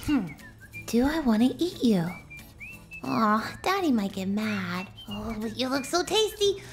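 A woman's voice: fairly high pitch, very animated, unhurried. A woman voicing a chatty, bossy and forgetful little girl dog in a comedy web series, musing aloud and easily startled. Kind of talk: comedic voice-over. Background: music.

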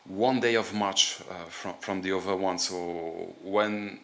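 A man from France with a French accent, giving casual commentary in a halting way with many fillers. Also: low voice, fairly even intonation. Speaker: reaction video host.

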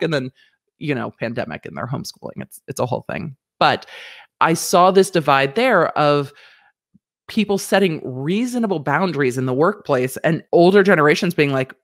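A woman lawyer hosting a commentary show, talking frankly and animatedly, often mimicking other people in quick high voices. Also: expressive, no room sound, studio quality. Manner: frank, swears casually. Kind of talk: commentary vlog.

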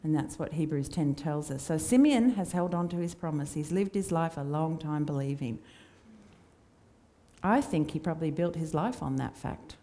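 A woman's voice: low voice, lively intonation, moderate pace. A woman preaching a sermon in a church, conversational and storytelling in her delivery. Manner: conversational, warm storytelling with acted quotes.

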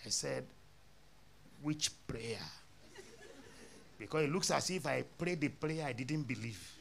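Gravelly, animated male preacher. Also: mid-range voice, brisk, slight background noise. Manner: animated storyteller acting out dialogue, laughing. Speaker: pastor. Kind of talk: sermon storytelling.

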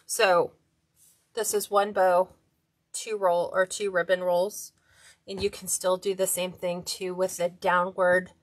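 A woman's voice: fairly low pitch, little pitch movement, slow, no room sound. A woman hosting a hands-on craft tutorial, chatting casually and talking to herself as she works. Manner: chatty, talks to herself while working.

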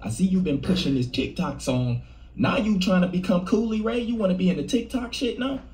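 A man's voice: high-pitched, expressive, brisk, a little mellow. A man hosting a casual commentary video, mocking and conspiratorial in tone. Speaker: host.

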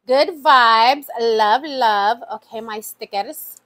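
A high-pitched woman talks casually to her viewers, opening mail with lots of fillers and heartfelt asides. Her voice sits well above the usual for a woman. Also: takes it slowly, a bit bright. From USA. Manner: chatty and emotional, many fillers like "like" and "y'all". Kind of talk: casual chat.

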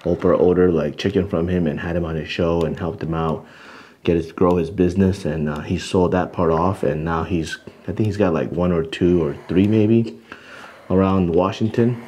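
A man's voice: deep voice, normal speed, husky, dull audio. A middle-aged man hosting a family food vlog, chatting casually and rambling with lots of fillers as he introduces the meal. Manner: relaxed, rambling, many fillers. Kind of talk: casual mukbang chat.

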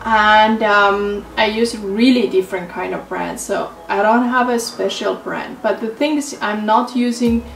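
A woman vlogger talking through a beauty haul in casual, halting English that is not her first language, with frequent fillers. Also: mid-range voice, vocal fry. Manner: unhurried, halting non-native phrasing with many fillers. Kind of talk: casual product haul talk. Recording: roomy echo, mic at a distance, faint music.

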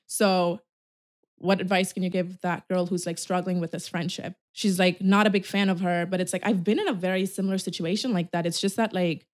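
A woman in her twenties hosting a podcast, chatting casually with a friend, swearing and making quick asides. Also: fairly low pitch, fairly even intonation, no echo. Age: 20s. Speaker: podcast host. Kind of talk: casual chat.

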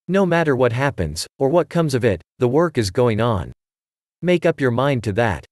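A man's voice: mid-range voice, sing-song, moderate pace, a little mellow, no echo, clean studio sound, lightly acted. A man voicing a nervous, insistent young baronet of twenty-two.

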